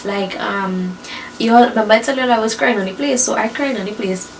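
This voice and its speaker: A young woman telling her birth story to viewers in a lively, chatty way, often calling them y'all and laughing. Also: fairly high pitch, a little fast, far from the mic, a little hiss or hum.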